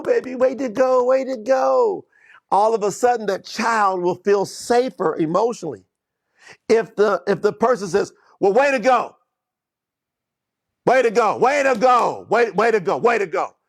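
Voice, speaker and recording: High-voiced emphatic male confidence coach. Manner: preachy, repeats phrases for emphasis, rising to emphatic peaks. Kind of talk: motivational coaching talk.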